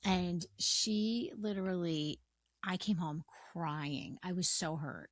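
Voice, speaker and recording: A woman co-hosting a podcast, chatty and quick to react as she tells her own stories. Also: lowish voice, dry recording, clean studio sound. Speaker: podcast co-host. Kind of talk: casual chat.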